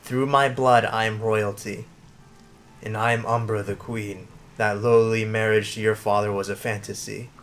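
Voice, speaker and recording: A man's voice: on the low side, little pitch movement, a little hiss or hum, close to an everyday voice. A man voicing a cold, cruel stepmother queen with a put-on British accent, drawn out and menacing. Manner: haughty, drawn-out menacing delivery.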